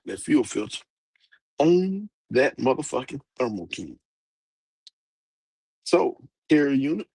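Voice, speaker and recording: A man holding forth on his show, blunt and profane, wandering from point to point. His voice is gravelly with a husky edge, and the sound is dry and close. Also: medium pitch, no room sound, poor audio. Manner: blunt, profane, rambling, heavy Southern US dialect grammar. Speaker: host. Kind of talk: profane casual rant to a live audience.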